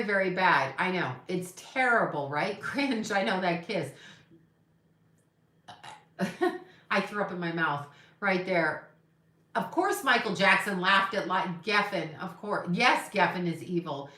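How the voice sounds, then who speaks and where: A woman runs a casual livestream and chats with viewers in an opinionated, gossipy way. Her voice is bright and forward. The sound is roomy and echoey, like a phone or webcam picking her up in a room at home. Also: medium pitch. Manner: chatty, opinionated, gossipy asides. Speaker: psychic livestream host. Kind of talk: casual livestream chat reading comments.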